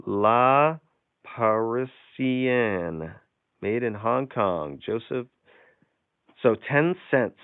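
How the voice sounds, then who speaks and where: A man's voice: medium pitch, no echo. A man hosting a casual live stream, reading out silly jokes and viewer comments with frequent chuckles. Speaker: livestream host. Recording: tinny, phone-like sound.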